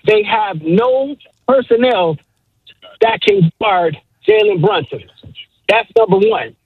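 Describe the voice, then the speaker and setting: A man's voice: high voice, lively intonation, takes it slowly, husky, dry recording, lo-fi sound. An enthusiastic man calling in to a sports radio show, cheering for his team. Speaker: caller.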